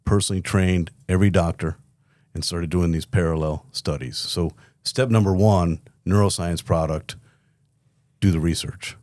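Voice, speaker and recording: Deep-voiced man telling a lively story. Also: moderate pace, no room sound, studio quality. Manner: lively, candid storyteller, blunt and profane. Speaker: company CEO guest. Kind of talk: storytelling in a podcast interview.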